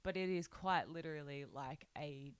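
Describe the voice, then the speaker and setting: A woman's voice: low voice, normal speed, clear, resonant tone, no room sound. A young woman co-hosting a casual podcast, telling stories in a bubbly way with plenty of likes and ums, talking from a small hotel room. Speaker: podcast co-host. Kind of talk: casual chat.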